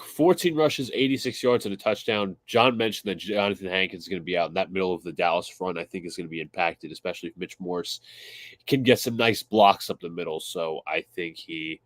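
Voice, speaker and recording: A man on a sports podcast, with a lowish voice that sounds dry and close to the mic. He stumbles and restarts his words, then hurries through his game predictions. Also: dry recording. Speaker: podcast co-host. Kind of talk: casual sports chat.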